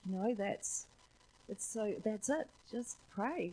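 Husky New woman telling stories. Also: medium pitch, slow, low-quality recording. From New Zealand. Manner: animated storyteller, laughs often, acts out voices. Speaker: church speaker. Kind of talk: sermon with personal storytelling.

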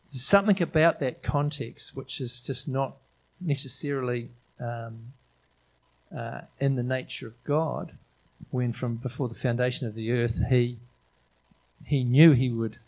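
A man's voice: mid-range voice, fairly even intonation, moderate pace, darkish tone, poor audio. A middle-aged man preaching an informal sermon in a chatty, enthusiastic way, often restarting his sentences. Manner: conversational, enthusiastic, frequent restarts and fillers.

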